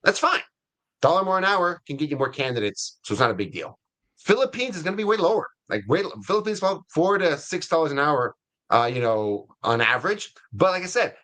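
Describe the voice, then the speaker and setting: The CEO of an ISA staffing firm appears as a guest in a webinar interview, a man whose voice sits on the high side and sounds a bit bright. He explains things conversationally, constantly checking in with "right?" and "okay?"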